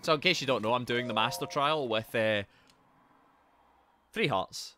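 A Scottish man commentating his gameplay live, greeting viewers and yelling in panic when things go wrong. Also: mid-range voice, a little slow, slight background noise. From Scotland. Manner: excitable, yelps and shouts in panic, greets chat. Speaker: streamer.

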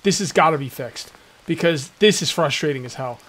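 A man's voice: fairly high pitch, animated, brisk, fairly bright tone. A man giving casual, jokey let's-play commentary as a gaming video host, ranting and chatting at the viewers. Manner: chatty, ranting, jokey, slips into mock voices. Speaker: gaming YouTuber.

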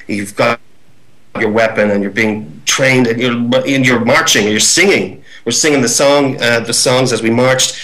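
A middle-aged male actor in a casual interview, telling behind-the-scenes stories in a lively way. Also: medium pitch, normal speed, rough recording. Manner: lively storyteller, acts out voices. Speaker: actor guest.

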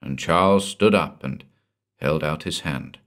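A man narrating a story aloud in the first person, in a measured, unhurried audiobook reading. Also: rumbling low, a bit bright.

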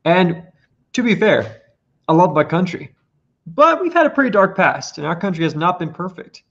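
A man's voice: high-pitched, big pitch swings, moderate pace, fairly bright tone. Earnest man presenting on a podcast. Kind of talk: casual podcast talk. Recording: lo-fi muffled audio.

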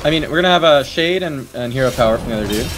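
A man co-casting a live card-game match with quick play-by-play calls. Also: mid-range voice, lively intonation, a loud crowd. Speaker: esports commentator.

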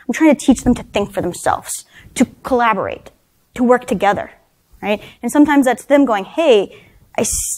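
A woman's voice: fairly high pitch, darkish tone. A woman in her thirties giving a leadership talk at a conference, speaking conversationally with lots of "right?" tag questions and dry self-deprecating humor. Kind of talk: leadership talk to a live audience. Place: conference session room.

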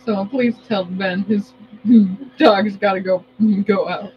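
A woman with a Minnesota accent chatting casually as co-host of a cooking vlog, joking, laughing often and breaking into playful yelling. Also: medium pitch, fairly even intonation, takes it slowly, slight background noise, rough recording. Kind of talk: casual chat.

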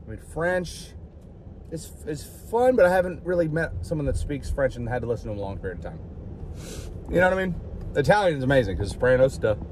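A man's voice: medium pitch, very animated, brisk, a little mellow, a little hiss or hum. A man vlogging in a rambling, jokey way, outdoors by a street. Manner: rambling, jokey, puts on silly voices. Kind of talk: rambling casual vlog.

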